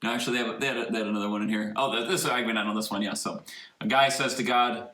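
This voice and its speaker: A man's voice: fairly low pitch, quick pace, bright, forceful tone. A male priest hosting a video call, telling jokes in a playful way. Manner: playful, laughing easily. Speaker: priest, host. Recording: echoey video call with faint noise.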